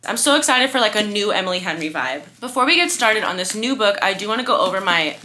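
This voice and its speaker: A woman's voice: mid-range voice, expressive, fast talker, bright, forceful tone. A young woman chatting casually in a reading vlog, gushing and bubbly, with lots of "like" and "y'all". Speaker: book vlogger.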